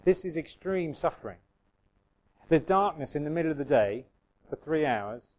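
A man's voice: fairly high pitch, animated, moderate pace, a little mellow, rough recording. A man preaching a sermon in a conversational way, reading scripture aloud and musing with restarts and asides to the congregation.

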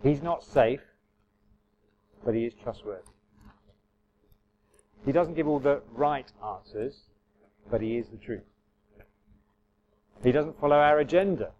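A man's voice: mid-range voice, a little hiss or hum. A man preaching a sermon as the pastor. He speaks earnestly and conversationally, with frequent restarts. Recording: slightly muffled church recording.

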